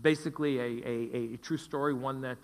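A man's voice: mid-range voice, fairly even intonation, a little fast. A middle-aged man preaching a sermon as pastor, emphatic and repeating phrases for stress. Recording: long hall reverb.

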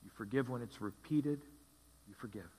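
A male pastor preaching a sermon, repeating key phrases with emphatic, dramatic pauses. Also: mid-range voice, darkish tone, slightly rough, in a large hall.

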